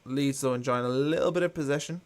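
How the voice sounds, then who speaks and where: A man's voice: mid-range voice, fast, a little mellow. A man hosting a live football watchalong, chatting casually and reading out viewer comments with a dry, mildly sarcastic tone. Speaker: watchalong host.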